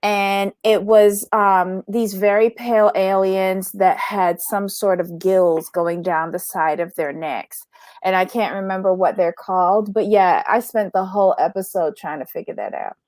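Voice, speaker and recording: A woman's voice: mid-range voice, measured pace, a little mellow, no echo. A woman in casual podcast commentary, blunt and opinionated, with a mid-range voice. The sound is dry and close, with no room around it. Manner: frank, opinionated, laughs easily. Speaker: podcast co-host.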